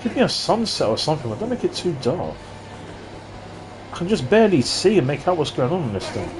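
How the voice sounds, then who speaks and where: A man's voice: fairly high pitch, sing-song, a little fast, faint music behind. A man from London chatting casually and ranting in asides while live-streaming a retro game at his desk mic.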